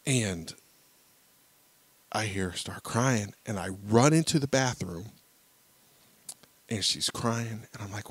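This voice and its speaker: Low-voiced guy, podcast co-host, acts out the lines while he tells a dad story, dry close sound. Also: slow, pauses often, no echo. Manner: animated storyteller acting out quotes. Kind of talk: casual chat, storytelling.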